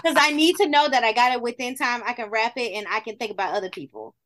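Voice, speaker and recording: A woman's voice: fairly high pitch, quick pace, a bit bright. A woman co-hosting a podcast, chatting casually in a blunt, profane, emphatic way. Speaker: podcast co-host. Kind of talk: casual chat.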